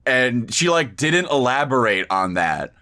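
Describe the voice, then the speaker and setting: Swearing freely and restarting his sentences, the co-host rambles through a long story in casual podcast talk. His mid-range voice sounds pushed and bright, with big pitch swings at a measured pace.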